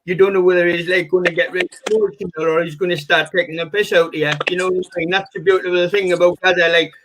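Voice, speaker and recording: A man's voice: sits high, level tone, fast talker, background noise. A man guesting as an impressionist, chatting casually over a video call in a rambling way, leaning on fillers like "you know".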